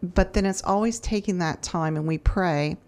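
A woman's voice: fairly low pitch, normal speed, darkish tone. Earnest woman telling a story. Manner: earnest storyteller, many restarts. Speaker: food charity director. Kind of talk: casual testimony.

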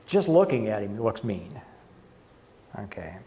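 Halting man teaching a Bible lesson. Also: lowish voice, very animated, dark tone. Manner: halting, often correcting himself. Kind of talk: Bible lesson, reading and commenting.

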